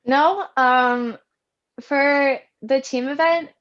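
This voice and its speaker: A woman's voice: high voice, very slow, a bit bright. A woman, chatting earnestly as an interview guest and telling her story in detail. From Canada. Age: early 20s. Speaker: guest athlete. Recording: dull lo-fi audio.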